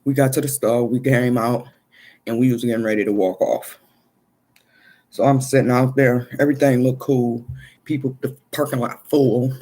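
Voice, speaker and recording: Casting: man, husky mid-pitched voice, profane street storyteller, loose and conversational. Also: steady tone, normal speed, dark tone. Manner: street slang, profane, repeats "you know what I'm saying". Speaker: storyteller recounting an experience. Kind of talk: casual storytelling monologue.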